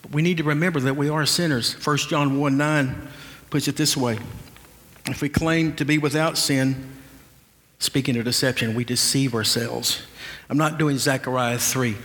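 A man's voice: mid-range voice, fairly even intonation, moderate pace, a bit bright, in a large hall. A male pastor preaching an earnest, conversational sermon, often restarting his sentences.

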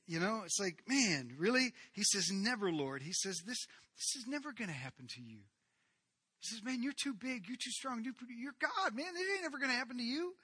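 A man preaching a sermon in a lively, storytelling way, acting out the people in the story. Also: extremely high pitch, fairly quick, husky, dry recording. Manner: animated, acts out the people in the story. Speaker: pastor.

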